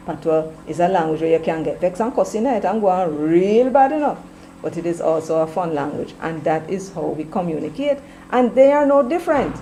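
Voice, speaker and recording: A woman's voice: on the low side, dark tone, a little hiss or hum, rough recording. Emphatic Jamaican woman commentator. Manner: emphatic, mixing patois into English. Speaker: commentary show host. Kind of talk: opinionated live-stream commentary.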